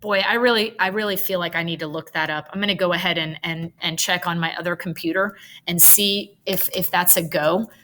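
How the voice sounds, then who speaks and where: A woman's voice: lowish voice, fairly even intonation, a little fast, few pauses, sharp tone, a little hiss or hum. A woman tutoring writing, thinking aloud as she drafts a paragraph, chatty and self-correcting with nerdy asides.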